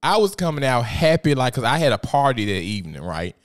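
A man, hosting a podcast in a blunt, profane, animated storytelling manner. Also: medium pitch, fairly quick. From Memphis, USA. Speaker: podcast host. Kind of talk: casual podcast monologue.

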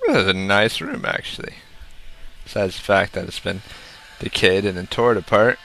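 A man's voice: low-pitched, moderate pace, gravelly, a bit bright, faint music behind. A young man casually commenting on a game he is playing, talking to himself, swearing and yelping when startled. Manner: jumpy, swears, talks to himself, hums and yelps. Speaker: gameplay commentator. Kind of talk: casual let's-play commentary.

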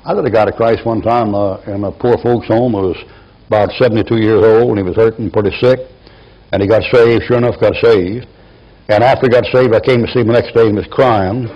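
A man's voice: on the low side, fairly even intonation, fairly quick, highs cut off. A man in his seventies preaching a folksy sermon, telling rambling stories from his life. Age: 70s. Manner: rambling anecdotal storytelling.

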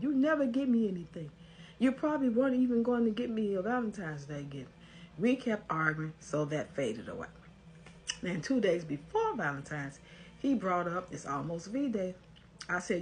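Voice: medium pitch, a little hiss or hum. An advice commentator, reading a post aloud and giving blunt, scolding commentary in a casual way.

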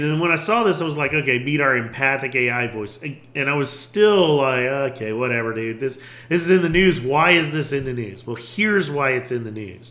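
A man's voice: mid-range voice, bright, forceful tone, echoey room. A man hosting a casual tech video, chatting and thinking aloud as he reads website text off his screen. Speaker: tech YouTuber host. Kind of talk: casual screen-share tutorial.

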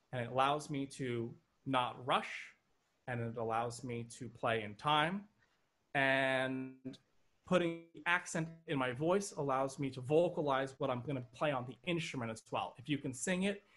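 A man's voice: medium pitch, fairly bright tone, slight background noise. Man counting triplets in a drum lesson. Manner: counts triplets aloud in rhythm, playful. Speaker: drum instructor. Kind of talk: online music lesson. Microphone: video call.

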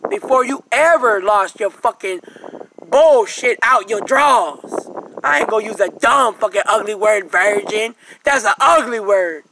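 A man delivering an aggressive, profane religious rant, cursing and mocking over and over, sometimes bursting into shouts. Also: very high voice, vocal fry, background noise.

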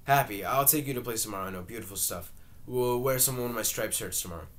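A man's voice: mid-range voice, fast, a bit bright, natural voice. Cocky upbeat younger son, breezy boastful delivery; a man reads it in an amateur read-through.

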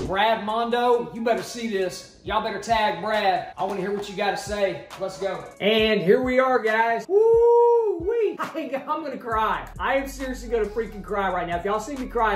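A man chatting to camera in a casual vlog, full of excitable, dramatic exclamations. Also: high-pitched. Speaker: family vlogger. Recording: roomy echo with faint music.

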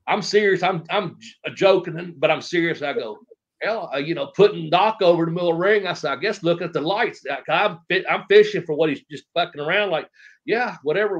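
Rambling, swearing man telling wrestling stories. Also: on the high side. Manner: rambling anecdotes, acts out quoted voices, swears freely. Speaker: interview guest, former wrestler. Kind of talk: casual storytelling interview. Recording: dull lo-fi podcast audio.

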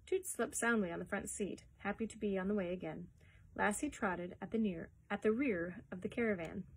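A woman librarian reading a chapter book aloud for story time, gently pausing to comment on the pictures. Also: medium pitch, slight background noise, rough recording. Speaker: children's librarian.

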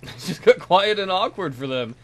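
A man's voice: sits high, lively intonation, moderate pace, fairly bright tone. A man hosting a let's play, chatting casually and joking crudely about his game characters.

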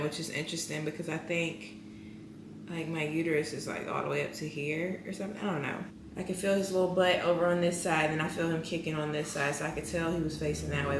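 A woman's voice: on the low side, noisy background. Chatty young woman, echoey room. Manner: chatty, rambling with many fillers. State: congested. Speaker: vlogger. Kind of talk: casual vlog chat.

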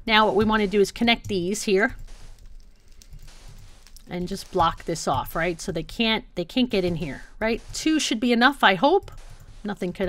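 A woman hosting a gaming channel, chatting her way through a Let's Play with hopeful, self-talking asides to her viewers. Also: medium pitch. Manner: bursts into shrieks and laughter when startled.

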